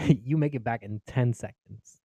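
A man's voice: medium pitch, mellow, slightly rough, no echo. A young Mexican-American man doing stand-up comedy, swearing freely, laughing at his own jokes and acting out his family.

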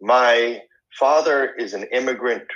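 A man's voice: mid-range voice, unhurried, fairly bright tone, lo-fi sound. A middle-aged man, a personal trainer, telling a story as a guest with enthusiasm and acting out the quoted dialogue. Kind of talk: animated storytelling in conversation.

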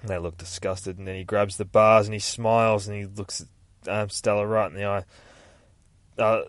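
A man hosting a podcast, casually recapping a comic book in a rambling, sweary, excitable way. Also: lowish voice, moderate pace, dry recording. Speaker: podcast host.

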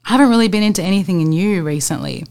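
Australian woman, comedian guest, lowish voice, casual chatty podcast talk, lots of ums. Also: lively intonation, creaky, a little mellow. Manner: chatty, quick laughs, filler-heavy.

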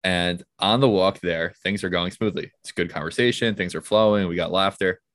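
A man hosting a casual podcast, playfully running segments and firing off quick questions. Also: low-pitched, a bit bright, dry recording, studio quality. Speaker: podcast host.

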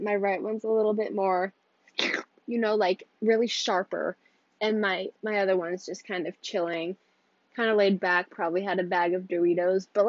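Teen girl solo podcaster, giggly and rambling, mid-pitched, dull-sounding dry mic. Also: darkish tone, dry recording. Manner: rambling, giggly, self-interrupting. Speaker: podcast host. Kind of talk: casual solo podcast chat.

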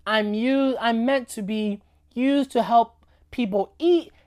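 A woman's voice: on the high side, takes it slowly, a little mellow. Forky, a woman voicing a bewildered spork toy. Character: confused newborn spork toy, male, anxious.

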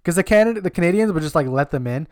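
A woman's voice: fairly low pitch, lively intonation, very fast, darkish tone, no echo, clean studio sound. A woman chatting casually as co-host, joking and swearing freely. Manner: jokey, swears freely, slips into put-on street voices. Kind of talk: casual chat.

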